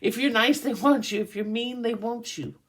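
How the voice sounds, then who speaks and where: A woman's voice: a little high, moderate pace, slight background noise. A woman doing a casual tarot reading for her channel, chatty and often laughing. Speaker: tarot reader.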